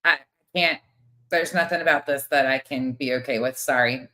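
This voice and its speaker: A combative woman on a livestream, cutting in and cursing as she argues. Her voice sits low but comes out bright and forceful. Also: fairly even intonation, fairly quick, poor audio. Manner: combative, interrupting, swears freely. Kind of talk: heated livestream argument.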